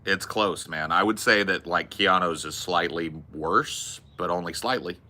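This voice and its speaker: Unhurried and sharp-toned, this man's voice sits low. He's a podcast host in casual, rambling conversation, profane and blunt about the movies he discusses.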